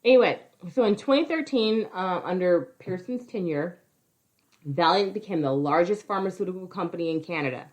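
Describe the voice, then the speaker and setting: Woman, podcast co-host, casual chat, swears a lot, animated, mocking voices. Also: lowish voice, normal speed. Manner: profane, animated, mocking impressions.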